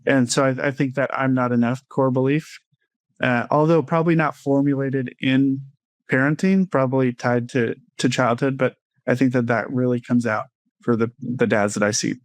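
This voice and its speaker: This guest, a clinical social worker who coaches parents, speaks at a normal speed in a steady, medium-pitched male voice with no echo. In a casual interview he explains his thinking in a considered way, frequently tagging his points with "right?"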